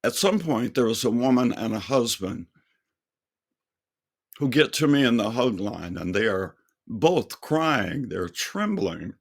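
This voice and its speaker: A man's voice: medium pitch, expressive, creaky. An older man, a singer, telling a heartfelt personal testimony in an earnest storytelling manner. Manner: slow, earnest storytelling with quoted dialogue. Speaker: singer and speaker.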